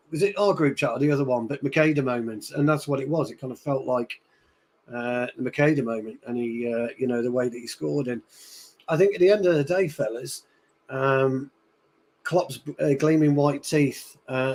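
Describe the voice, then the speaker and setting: A man on a football podcast panel, talking bluntly and excitedly, swearing casually. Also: mid-range voice. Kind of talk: casual match-reaction chat.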